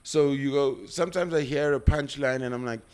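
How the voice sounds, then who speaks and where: Animated South African man hosting a podcast. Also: medium pitch, fairly quick, clear, resonant tone. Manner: animated, talks through points at length with restarts. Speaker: podcast host. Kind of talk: casual podcast chat.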